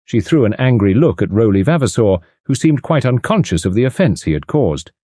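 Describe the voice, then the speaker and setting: A man narrating an audiobook in an expressive reading style. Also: mid-range voice, fairly quick, husky, no room sound. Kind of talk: scripted narration. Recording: dry close studio sound.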